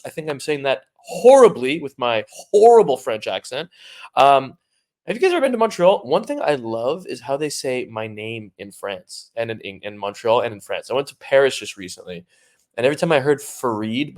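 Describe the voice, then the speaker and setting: A man hosting a casual live-stream talk show, bantering in an upbeat, jokey, self-deprecating way. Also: medium pitch. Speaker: host.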